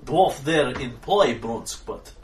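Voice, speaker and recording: A man doing a slow, simple-minded bouncer. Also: mid-range voice, lively intonation, a little hiss or hum. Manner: slow, simple broken phrasing. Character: slow-witted male bouncer speaking broken English. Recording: echoey room, far from mic.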